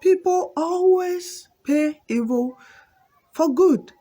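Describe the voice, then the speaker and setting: A woman's voice: very high voice, warm tone, voice pushed up. Woman doing a plaintive mistreated goat. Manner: drawn-out, plaintive.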